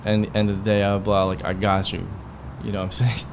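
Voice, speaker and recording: A man's voice: fairly low pitch, flat delivery, a little fast, noisy background. A man hosting a podcast, telling a heated personal story in a rambling, profane way, full of quoted back-and-forth. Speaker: podcast host. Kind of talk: casual storytelling.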